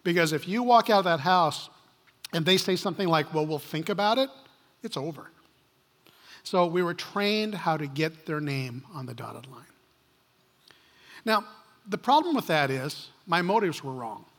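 High-voiced pastor preaching in a reverberant hall. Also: male voice, animated, measured pace, long pauses, fairly bright tone. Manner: storytelling, conversational with frequent restarts. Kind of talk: sermon. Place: church stage.

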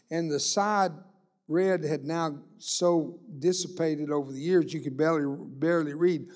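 A man's voice: on the high side, darkish tone. A man preaching a sermon, telling a humorous anecdote and acting out the dialogue. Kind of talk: sermon storytelling.

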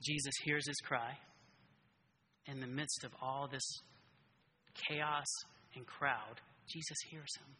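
A man preaching a casual, animated sermon who keeps checking in with his listeners by asking "right?". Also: mid-range voice, slow pace, pauses often, slight background noise. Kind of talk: conversational sermon. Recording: reverberant hall.

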